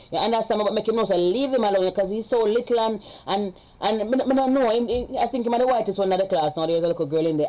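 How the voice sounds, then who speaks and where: A woman's voice: fairly high pitch, darkish tone, low-quality recording. A woman with a Jamaican accent chatting casually on a live stream at home. She rambles along and breaks off to give her children orders.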